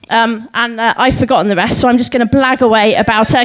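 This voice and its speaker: A woman's voice: a little high, fairly even intonation, quick pace, few pauses, low-quality recording. Giggly young woman reciting limericks. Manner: giggly, many ums, self-deprecating. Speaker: speaker at a live talk event. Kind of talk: comic talk reciting limericks. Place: pub venue before a live audience.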